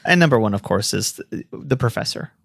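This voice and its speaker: A middle-aged man co-hosting a casual comedy podcast, making wry deadpan jokes. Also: mid-range voice, fairly quick, creaky, no echo, studio quality. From Los Angeles area. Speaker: podcast co-host.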